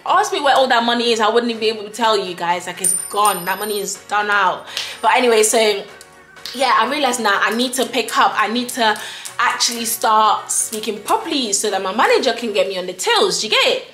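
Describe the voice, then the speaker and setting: A woman's voice: fairly high pitch, expressive, normal speed, bright, forceful tone, roomy sound, faint music behind. A young woman from Ghana with a Ghanaian English accent, telling a casual storytime vlog, chatty and laughing often as she acts out exchanges. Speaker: vlogger.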